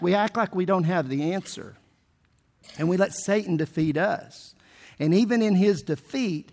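A man's voice: sits high, creaky. A man preaching a sermon, emphatic and asking the congregation questions as he goes. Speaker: pastor.

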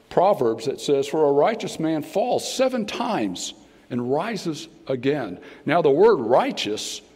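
A man's voice: a little high, a little mellow, slightly rough. Folksy Southern man preaching in a hall. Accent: American Southern. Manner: folksy, conversational preaching with playful voices. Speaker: guest speaker. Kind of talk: sermon. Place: auditorium. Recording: long hall reverb.

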